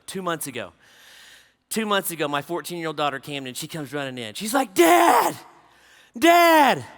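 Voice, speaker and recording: Long hall reverb surrounds this sermon by a middle-aged conference speaker with a high, sharp voice. Emphatic throughout, he repeats key phrases to drive them home.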